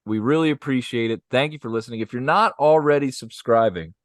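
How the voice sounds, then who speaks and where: A young man co-hosting a casual podcast, easygoing and quick to laugh, often restarting his sentences. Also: mid-range voice, no echo, clean studio sound. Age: young adult. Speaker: podcast co-host.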